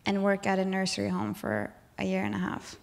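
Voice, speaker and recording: A woman from Sweden in her thirties speaks at an everyday pitch, talking loosely and candidly as an interview guest on stage. Her sentences ramble and restart, filled with "like", and she laughs often. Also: big pitch swings, a little fast, gravelly. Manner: candid, rambling, heavy use of "like", frequent laughs. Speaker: guest singer. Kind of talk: onstage interview, candid casual talk. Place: stage in front of a live audience.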